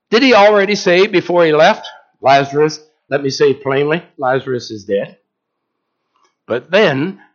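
A man's voice: a little high, dull audio. A man preaching a sermon in a conversational way, asking the congregation questions.

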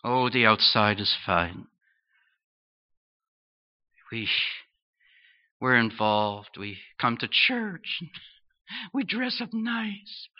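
A man's voice: medium pitch, big pitch swings. Earnest preacher man, lo-fi sound. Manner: earnest, questioning, pausing between phrases. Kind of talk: sermon. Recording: dull lo-fi sound.

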